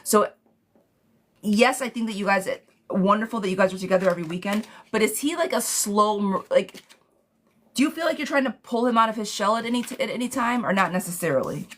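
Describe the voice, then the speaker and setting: A woman's voice: mid-range voice, a little fast, a bit bright, slight background noise. A woman giving a live tarot reading, talking bluntly to viewers, swearing freely and calling them sweet pet names. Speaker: tarot reader.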